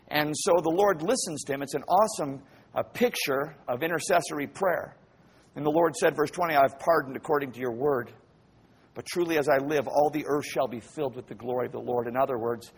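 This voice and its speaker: A male pastor delivers a lively sermon, jumping into the voices of the people in the story. His voice sits high and has a husky edge, and he preaches in a church. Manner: animated, acts out voices of the people and God.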